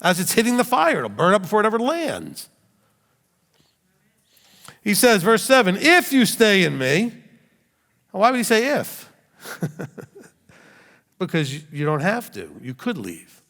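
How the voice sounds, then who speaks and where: A man's voice: sits high, wildly swooping pitch, unhurried, pauses often, fairly bright tone. Man, middle-aged, rabbi teaching, storytelling, rhetorical questions, echo of a big hall. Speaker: rabbi teaching a Bible study. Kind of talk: animated sermon teaching. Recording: long hall reverb.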